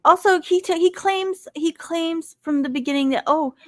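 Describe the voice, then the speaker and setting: A woman's voice: very high voice, normal speed, no echo, clean studio sound. A woman on a podcast panel, questioning in disbelief. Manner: incredulous, questioning. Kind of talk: casual commentary chat.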